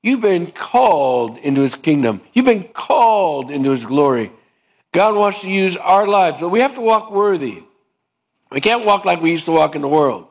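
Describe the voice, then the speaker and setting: A man preaching a sermon with a somewhat high-pitched voice. He asks the congregation questions and calls for an amen. He acts out everyday dialogues in shifting voices. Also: very animated, moderate pace. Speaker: pastor.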